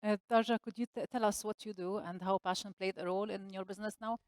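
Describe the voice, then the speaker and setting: A woman's voice: mid-range voice, fairly even intonation, fast, darkish tone, no room sound. A woman moderating a panel, introducing the speakers in an encouraging way.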